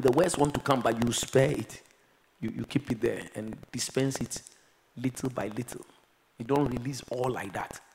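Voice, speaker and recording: A man preaching a sermon, moving between quiet, reflective passages and loud, emphatic exhortation. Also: mid-range voice, slight background noise, poor audio. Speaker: pastor.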